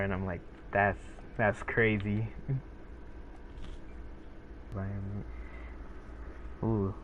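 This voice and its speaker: A teenage guy rambles with his viewers in a loose, laid-back way, piling up fillers and restarts. His voice sits a little low. The sound is thin and tinny like a phone line, with a faint hiss behind it. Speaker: gaming streamer. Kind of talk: casual rambling chat with viewers.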